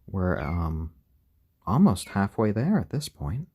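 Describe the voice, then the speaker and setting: A man with a lowish, husky voice hosts a relaxed live stream at home. He talks gently and fondly to his baby chickens between chatting with viewers, his voice warm and mellow and rising and falling a lot. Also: takes it slowly. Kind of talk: casual live-stream commentary.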